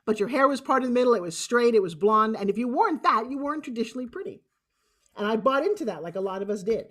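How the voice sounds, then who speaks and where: A woman in her sixties with a New York accent, telling a personal story on stage in a lively, joking, blunt way. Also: a little high, fast talker. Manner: animated, jokey and blunt, acting out other voices. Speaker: motivational speaker.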